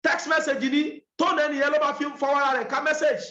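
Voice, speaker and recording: A man's voice: very high voice, steady tone, quick pace, bright, forceful tone, roomy sound, lo-fi sound. A man leading an online business training, emphatic and repeating key points.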